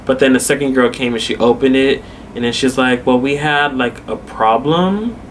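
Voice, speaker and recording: A man's voice: medium pitch, flat delivery, fairly quick, a little hiss or hum. A young man vlogging casually, telling a story with lots of fillers and frequent laughter.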